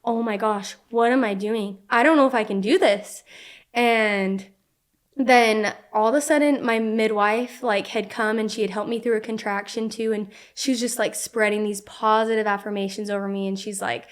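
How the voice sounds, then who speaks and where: A young woman telling a personal story as a podcast guest, animated, with lots of "like" fillers, acting out what people said. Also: medium pitch, normal speed. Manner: animated, frequent "like" fillers, acts out quotes. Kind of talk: casual storytelling.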